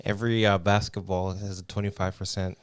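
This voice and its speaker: A man co-hosting a podcast in casual chat, easygoing and quick to laugh. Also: low voice, level tone, clean tone, no room sound, clean studio sound. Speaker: podcast co-host.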